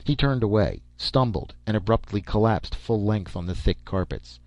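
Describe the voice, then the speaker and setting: A man reading a short story aloud as narrator, steady and even. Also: on the low side, moderate pace, no echo. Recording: dull lo-fi recording.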